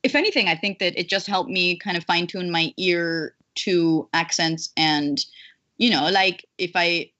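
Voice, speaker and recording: A woman voice actress chatting as an interview guest, animated, with lots of fillers and restarts. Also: fairly low pitch, normal speed, muffled recording. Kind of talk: casual interview chat.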